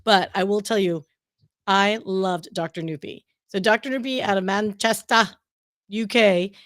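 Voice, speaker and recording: Brief: female co-host, middle pitch, dry close call mic, talkative and explanatory. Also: fairly even intonation, a little slow, fairly bright tone, dry recording. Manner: chatty and explanatory, frank asides. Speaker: livestream co-host. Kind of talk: casual livestream chat.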